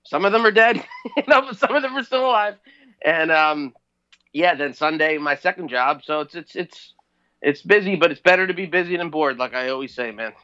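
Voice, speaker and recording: A man's voice: on the high side, moderate pace, bright, forceful tone, lo-fi sound. A man from New Jersey co-hosting a podcast, chatting in a rambling, upbeat way with lots of fillers. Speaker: podcast co-host. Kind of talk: casual podcast chat.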